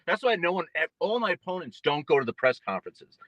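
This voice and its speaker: A young man being interviewed as a boxer, trash-talking with boastful, mocking swings in pitch. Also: sing-song, quick pace, no echo, dull audio. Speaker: guest boxer. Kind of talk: casual trash talk interview.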